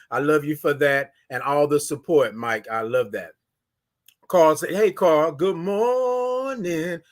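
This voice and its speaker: Texan guy hosting a morning live stream, high voice, hypes up the chat call-and-response style. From Houston, Texas. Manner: animated, preachy call-and-response with the audience. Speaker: morning show host.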